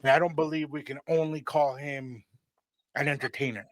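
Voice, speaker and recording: A man's voice: a little high, fairly even intonation, normal speed, no room sound. A man hosting a radio show, mixing in Spanish phrases and teasing his co-host with playful hype. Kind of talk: bilingual radio chat.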